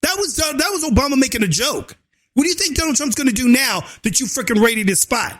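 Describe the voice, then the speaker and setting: Man, political vlog rant, very high pitch, bright edge, shouting, crude slang. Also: expressive, fast talker. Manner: fiery, keeps shouting and adding "and so forth". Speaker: vlogger. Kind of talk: ranting political commentary.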